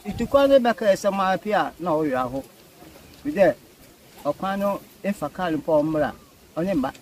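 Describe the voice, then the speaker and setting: Ghanaian man w fante accent, high voice, earnest, outside in a village w faint noise. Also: lively intonation, moderate pace, darkish tone, poor audio. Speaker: community member. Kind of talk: speaking to a local news camera.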